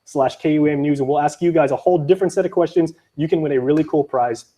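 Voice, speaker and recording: A young man from Guam hosting a news show, quick and joking as he runs a trivia quiz. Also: fairly high pitch, dark tone. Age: young adult. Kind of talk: lively on-air quiz banter.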